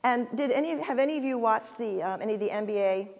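A woman's voice: a little high, darkish tone. Earnest older woman in a reverberant church. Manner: earnest and heartfelt, with halting restarts. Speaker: guest speaker at a church. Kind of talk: personal church talk closing in prayer. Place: church sanctuary. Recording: long reverb of a large church hall.

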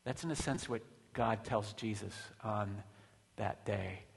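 Speaking slowly in a low, creaky voice, a pastor delivers a sermon conversationally, asking rhetorical questions and often restarting. Long hall reverb fills the recording.

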